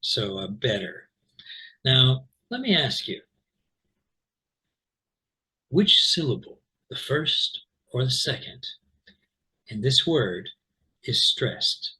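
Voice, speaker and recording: An American man from Central California teaches pronunciation in a husky, medium-pitched voice. He's relaxed and chatty, full of ums and uhs, and repeats words slowly to demonstrate, though the recording quality is low.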